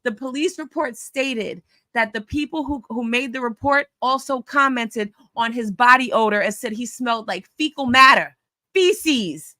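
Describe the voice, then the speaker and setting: A woman's voice: on the high side, moderate pace, pushed and bright, no room sound. A woman hosting a casual online chat, telling a story in a blunt, mocking way. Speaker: host.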